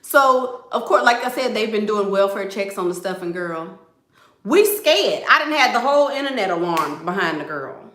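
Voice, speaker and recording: A woman's voice: mid-range voice, lively intonation, moderate pace, a bit bright, reverberant. A woman vlogger telling gossip to her viewers in a casual, chatty way, often calling them "girl".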